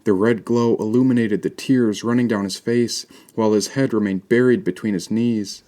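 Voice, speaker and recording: A man narrating a first-person fantasy story in a measured, descriptive way. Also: on the low side, fairly even intonation, warm tone.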